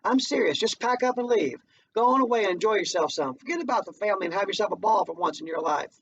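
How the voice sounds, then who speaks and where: A man's voice: high-pitched, lively intonation, fast, voice pushed up. A man voicing a tired young wife who talks in an earnest, coaxing way. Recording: distant muffled home recording, faint noise.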